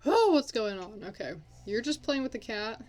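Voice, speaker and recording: A woman's voice: on the high side, big pitch swings, normal speed, a little mellow. A young woman hosting a casual game commentary, chatting and swearing at her characters as she plays. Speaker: let's play host.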